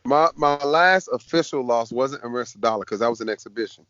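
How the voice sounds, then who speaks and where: A man, a fighter being interviewed, telling stories in a casual, lively way. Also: medium pitch, fairly quick, no room sound. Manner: lively storyteller, acts out quoted voices. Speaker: MMA fighter guest. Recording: dull dry podcast audio.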